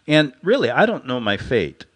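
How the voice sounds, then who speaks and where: Animated man telling a rambling tale. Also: mid-range voice, moderate pace, breathy edge. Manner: animated, chuckles at his own jokes. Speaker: radio show host. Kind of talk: rambling satirical monologue.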